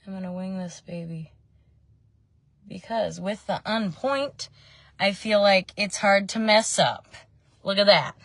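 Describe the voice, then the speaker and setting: A chatty woman in her thirties talks through a makeup tutorial from her parked car, drifting into family stories. Her voice sits at an ordinary middle pitch. The recording is close and dry. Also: a little slow, long pauses, a bit bright, dry recording. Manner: chatty and meandering, with frequent ums. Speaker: makeup vlogger. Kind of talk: casual makeup tutorial chat.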